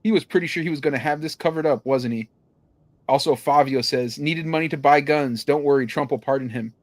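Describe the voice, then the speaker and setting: A man's voice: a little high, fairly quick, no room sound. A young man co-hosting a podcast, casually reading news stories and listener comments aloud with joking asides. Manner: reads headlines and comments aloud with laughs and asides. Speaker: podcast co-host.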